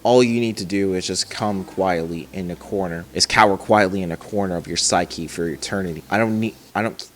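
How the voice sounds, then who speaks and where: A man voicing a cold, ancient male villain, reading the lines flatly with slips and restarts. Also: deep voice, fairly quick, a little hiss or hum, close to an everyday voice. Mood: menacing. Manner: flat read-aloud delivery with slips and restarts.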